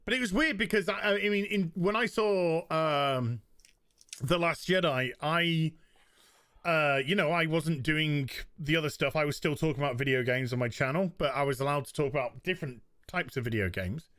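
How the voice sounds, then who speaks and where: A man co-hosting a casual podcast chat, telling an animated, profane story full of restarts. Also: a little high, moderate pace, dry recording, clean studio sound. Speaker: podcast co-host.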